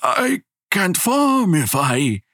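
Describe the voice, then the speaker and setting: A man's voice: high voice, very animated, extremely slow, a bit bright, slightly rough, no room sound, studio quality, pitched above the performer's own voice, exaggerated voice. A man voicing a frightened old male farmer who stammers in panic. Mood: panicked.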